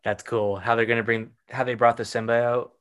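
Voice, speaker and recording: A man's voice: medium pitch, flat delivery, normal speed, fairly bright tone, clean tone. A man in casual chat who rambles, trails off and searches for words.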